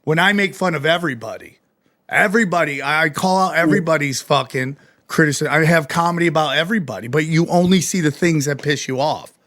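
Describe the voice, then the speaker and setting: High-voiced man ranting on a podcast. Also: brisk. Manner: animated, profane ranting. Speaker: podcast host. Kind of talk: casual podcast chat.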